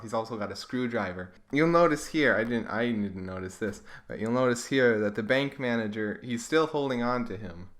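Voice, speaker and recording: A man in a casual video, reading out comics he made as a kid and poking fun at them. His voice sits at an ordinary middle pitch, and he keeps the delivery wry and self-mocking, tossing in dry little asides. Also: fairly bright tone. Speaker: webcomic creator. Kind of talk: comedic commentary on his old comics.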